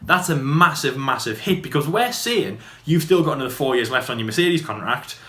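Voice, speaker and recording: A man co-hosting a podcast, chatting casually in a quick, rambling way full of fillers and restarts. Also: medium pitch, lively intonation, pushed and bright. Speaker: podcast co-host. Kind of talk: casual debate chat. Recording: echoey room.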